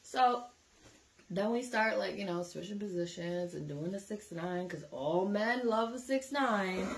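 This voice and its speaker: A woman's voice: mid-range voice, moderate pace. A young woman vlogging casually, chatty and candid and swearing freely as she tells a story.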